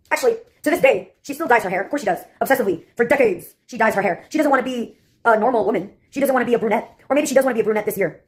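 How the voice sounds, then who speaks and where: A woman vlogger rambling sarcastically in a casual monologue, with frequent filler pauses. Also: fairly high pitch.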